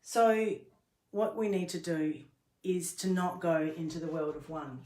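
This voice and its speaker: Low-voiced woman teaching in a roomy space. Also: unhurried, darkish tone. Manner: earnest, explanatory, with repeated restarts. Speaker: workplace trainer. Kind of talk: instructional talk to camera. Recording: roomy echo.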